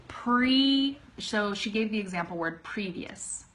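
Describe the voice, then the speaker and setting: A young woman teaching a live online English pronunciation lesson, chatty and laughing often, slowly modelling words on a webcam. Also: mid-range voice, expressive, a bit bright.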